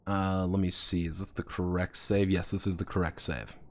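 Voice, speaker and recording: Low-voiced sarcastic male streamer. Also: little pitch movement, moderate pace. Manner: sarcastic, swearing, rambling. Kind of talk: live gameplay commentary.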